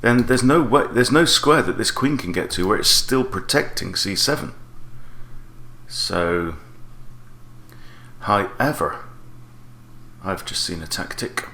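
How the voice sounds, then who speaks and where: A man's voice: fairly low pitch, expressive, slow pace, pauses often, echoey room. A man coaching chess, thinking aloud as he plays and weighing each move, often stopping to correct himself. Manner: analytical, weighs moves out loud, self-correcting. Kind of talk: thinking aloud while playing a chess game.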